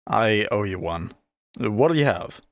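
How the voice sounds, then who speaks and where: A man's voice: fairly low pitch, lively intonation, measured pace, vocal fry, no room sound. A man voicing a timid young male cat-folk fire mage who speaks nervously. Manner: nervous, tentative.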